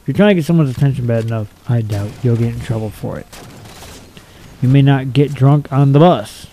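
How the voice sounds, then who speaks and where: Mellow-voiced young man ranting crudely. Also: medium pitch, brisk, a little hiss or hum, poor audio. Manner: blunt, profane and mocking. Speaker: video commentator. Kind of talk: reading out and ranting about silly laws.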